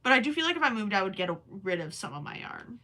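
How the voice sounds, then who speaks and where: A young woman chats with her viewers on a crochet livestream, her voice bright and clear. She is talkative and easily distracted, and keeps breaking off to count her stitches under her breath. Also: medium pitch, big pitch swings, quick pace. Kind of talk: casual livestream chat while crocheting.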